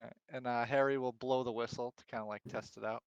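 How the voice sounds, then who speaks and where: A man's voice: mid-range voice, fairly even intonation, fast, dull audio, a little hiss or hum. A man speaking as a player in a tabletop game, hesitant and full of fillers. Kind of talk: tabletop role-play chat.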